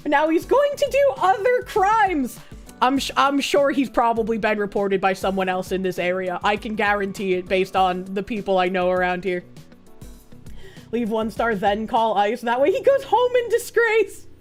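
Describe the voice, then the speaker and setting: With soft music playing in the background, a woman livestreams in a fairly high voice at a moderate pace. She reads posts aloud, chats casually, and performs both sides of an animated story.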